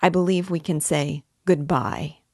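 A woman reading the part of a sardonic young man under suspicion, measured and sarcastic. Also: low-pitched, warm tone, no room sound, clean studio sound.

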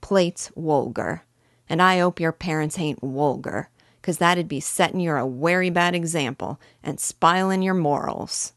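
A woman's voice: deep voice, a little slow, no room sound, studio quality. A woman voicing a cheeky male cockney burglar who drops his aitches and drawls slang. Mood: gruff.

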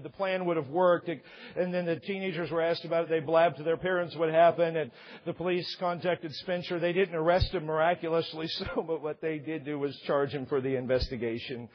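Husky-voiced pastor joking through a sermon. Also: male voice, on the high side, lo-fi sound. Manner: joking, acts out couples' voices. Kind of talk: humorous sermon.

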